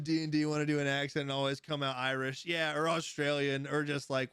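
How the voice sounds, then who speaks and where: A man's voice: on the high side, level tone, fast, few pauses, fairly bright tone, smooth, dry recording. Male streamer, slightly raised voice, easygoing storyteller who laughs a lot, dry room. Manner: rambling storyteller, laughs often, answers chat. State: high. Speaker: livestream host. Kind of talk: casual live-stream chat.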